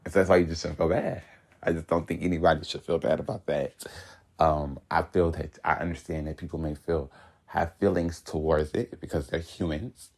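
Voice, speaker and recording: A young man hosting his own podcast, talking candidly in an animated solo monologue and laughing often. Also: very deep voice, normal speed, breathy edge. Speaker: podcast host.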